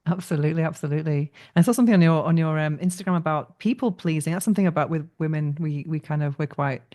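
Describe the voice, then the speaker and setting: Brief: woman, podcast host, quick pace, supportive interviewer. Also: deep voice, mellow. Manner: brisk, affirming, prompts with short backchannels.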